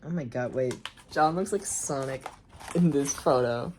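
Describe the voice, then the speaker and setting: Reading aloud a story from her childhood, a young woman breaks in with sarcastic asides, lots of ums, and hesitant trailing off. Her voice is extremely low and darkish, with a measured pace and slight background noise.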